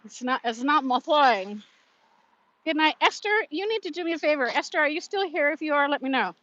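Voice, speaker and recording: Heading to her car outdoors, a fifty-something vlogger chats on a phone live stream, reading out comments from viewers and laughing a lot. She has a high, expressive, somewhat bright voice and speaks briskly; the audio is dull but has no echo.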